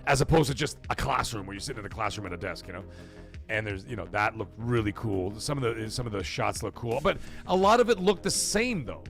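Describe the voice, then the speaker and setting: A man's voice: fairly low pitch, animated, a little fast, vocal fry, fairly bright tone, faint music behind. A man hosting a livestream, chatting casually and profanely in a rambling way while reading chat messages. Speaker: livestream host.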